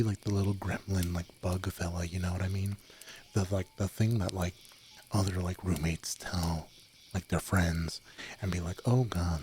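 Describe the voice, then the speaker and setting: A young streamer with a very deep voice keeps things soft-spoken during a late-night chat with his viewers before bed, using a desk mic with no windscreen. He meanders, giggles, and now and then drops to a whisper, over a faint background hiss.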